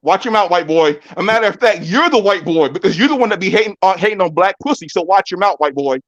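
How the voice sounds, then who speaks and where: High fast-talking boastful man on a lo-fi call. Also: animated, a bit bright. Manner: boastful, repetitive, stammering. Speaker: caller. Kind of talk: heated casual banter. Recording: dull lo-fi call audio.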